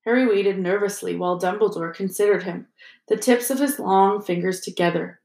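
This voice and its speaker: A woman reading a storybook aloud in a steady, even storytelling manner. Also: medium pitch, normal speed, echoey room. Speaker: audiobook reader. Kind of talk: scripted narration.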